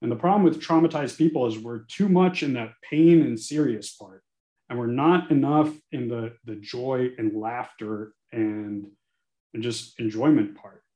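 A man in his forties with a medium pitch talks candidly and earnestly as a podcast guest, growing animated and occasionally cursing. His voice bounces around a roomy, echoey space. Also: unhurried. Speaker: guest, attorney. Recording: echoey room.

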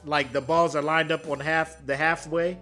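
A man co-hosting a podcast in casual chat, slangy and profane, animated and acting out what people said. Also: fairly high pitch, normal speed, soft background music. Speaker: podcast co-host.

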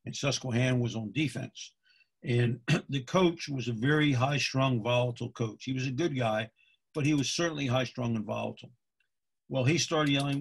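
A man's voice: mid-range voice, moderate pace, vocal fry, husky. A middle-aged man from Pennsylvania, a football official giving a folksy instructional talk to other officials, repeating his points and checking in with "okay?". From Pennsylvania, USA.

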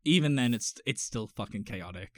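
A man's voice: mid-range voice, animated, normal speed, no echo, studio quality. A young man with an Australian accent, chatting casually as a podcast co-host, rambling and swearing with jokes. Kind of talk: casual chat.

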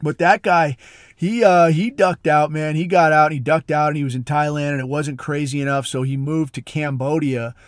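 A man holds forth in a loose, rambling monologue, swearing freely and piling up fillers as he talks. His voice sits a bit high for a man. The sound is dry and close, with no room echo. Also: fairly even intonation, normal speed. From military special operations community. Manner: profane, rambling, blunt, full of fillers. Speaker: podcast host. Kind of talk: casual storytelling monologue.

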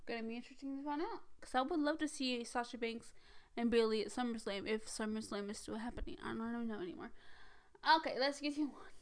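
A young woman hosting a podcast, chatting in a hurried, casual way with lots of fillers as she gives her predictions. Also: high-pitched, fairly bright tone, smooth. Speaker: podcast host. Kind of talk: casual wrestling predictions chat.

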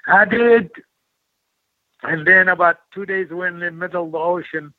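An older man from Iraq, a former wrestler, telling animated stories as an interview guest and acting out quoted voices. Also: high voice, moderate pace, no room sound. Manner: animated storyteller, acts out quoted voices, broken English. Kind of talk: storytelling in an interview. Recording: tinny phone-like audio, dry.

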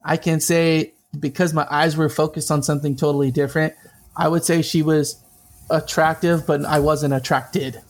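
A man telling a personal story in a casual conversation, animated and chatty, with lots of asides. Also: on the high side, moderate pace.

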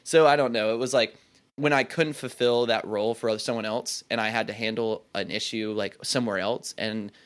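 A man's voice: mid-range voice, steady tone, normal speed, clean tone. Young man rambling reflectively. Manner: rambling, reflective, heavy use of "like" and restarts. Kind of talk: casual conversation.

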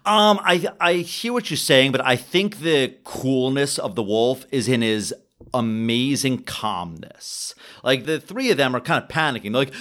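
Animated man discussing films. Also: moderate pace. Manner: animated, swings pitch, acts out quotes. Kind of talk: casual film discussion.

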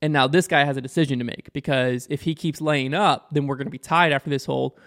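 A young man telling a story in casual conversation, animated and quick, acting out the people he quotes. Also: medium pitch. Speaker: podcast guest or host, disc golfer.

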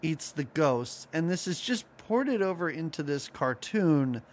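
Brief: male podcast co-host, casual chat, lively up-and-down delivery, quick to laugh and act things out. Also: a little high. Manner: animated, laughs often, acts out lines from the cartoon.

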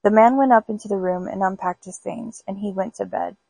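A woman's voice: medium pitch, a little fast, warm tone, husky, no echo, rough recording. A woman hosting a podcast, reading spooky folk tales aloud in an unpolished amateur way with small stumbles. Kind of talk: storybook read-aloud.

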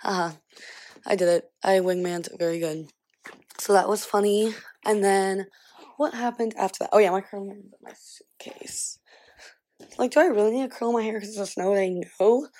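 A vlogger in her twenties chats casually to camera at home while getting ready, rambling and saying "like" constantly. Her mid-range voice is fairly even in intonation, moderately paced and darkish in tone.

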